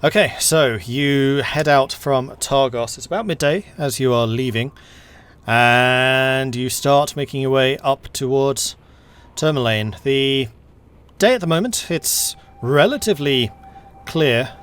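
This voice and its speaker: A man running a tabletop game as game master over an online voice call, narrating in an unhurried way with lots of fillers. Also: medium pitch, fairly bright tone, clean tone.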